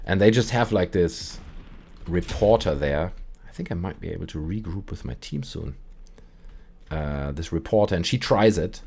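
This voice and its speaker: A man's voice: low voice, moderate pace, creaky, slight background noise. A man hosting a live stream, chatting casually and rambling through stories while he plays. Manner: rambling, animated storytelling with put-on quote voices. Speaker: streamer and call-in show host. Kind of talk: casual gaming stream chat.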